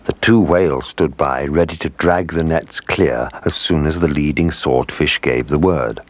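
A man narrating a children's storybook in a gentle, expressive way. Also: extremely low pitch, unhurried, no room sound.

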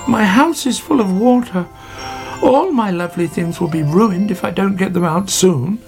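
A fretful old mother rabbit from a storybook, as a male narrator puts her on, her voice pushed well up in pitch and stretched out. The tone is gravelly, with soft music playing behind. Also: normal speed. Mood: distressed. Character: fussy old female rabbit.

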